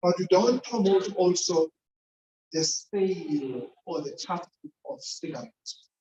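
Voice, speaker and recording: A woman's voice: fairly low pitch, animated, unhurried, mellow. A woman holds an informal, sermon-style talk, regularly checking in with the congregation. She sounds distant from the microphone in a reverberant church, with a slightly muffled recording and a faint background hiss. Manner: chatty, keeps quizzing the congregation. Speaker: church speaker. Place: church hall.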